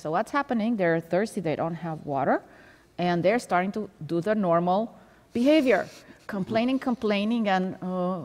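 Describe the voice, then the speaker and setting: A woman's voice: medium pitch, normal speed, darkish tone, long reverb tail. A woman leading a Sabbath School Bible study in a conversational way, reading scripture aloud and explaining it. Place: church.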